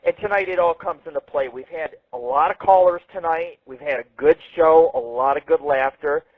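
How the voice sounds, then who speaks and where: A man with a high-pitched voice hosts a crude comedy radio show, swearing freely as he mocks what he reads and riffs on it. The sound is squeezed and thin like a phone line. The room is dead dry, with no echo. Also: moderate pace. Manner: profane, mocking, reads ads aloud with running commentary.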